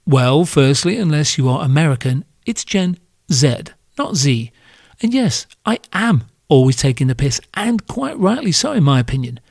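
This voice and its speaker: A man's voice: a little high, very animated, moderate pace, creaky, darkish tone, no echo, studio quality. A British man hosting a solo podcast, ranting in a sardonic, crude and profane way. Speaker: podcast host.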